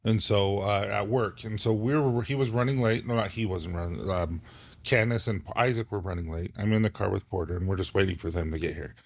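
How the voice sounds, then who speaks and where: A man's voice: on the low side, fairly quick, vocal fry, dry recording. A man in his forties, a podcast co-host, telling a family story in casual chat and acting out what people said. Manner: storytelling, acts out quotes.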